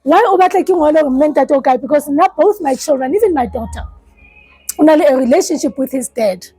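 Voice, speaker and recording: A South African woman, a life coach, giving an earnest, halting personal testimony in a support session and often repeating herself. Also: high-pitched, mellow, dry recording, soft background music, rough recording.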